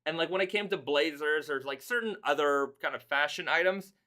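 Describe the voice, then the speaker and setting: A man's voice: fairly high pitch, brisk, pushed and bright. A man hosting a casual live stream, rambling loosely and reading viewer comments aloud. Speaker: host.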